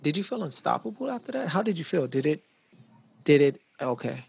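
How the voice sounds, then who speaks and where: Gravelly, husky-voiced male host. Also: on the high side, very animated, fairly quick, darkish tone. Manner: chatty, reflective, full of restarts. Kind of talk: casual conversation.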